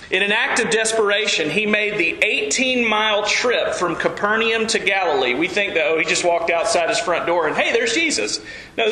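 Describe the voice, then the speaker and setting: A man preaching an earnest, animated sermon as pastor. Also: sits high, roomy sound, low-quality recording.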